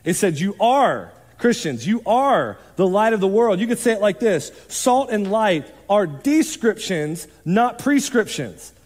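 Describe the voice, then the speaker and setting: A man preaching a sermon as pastor, in a conversational, animated way with quick asides. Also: high voice. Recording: long hall reverb.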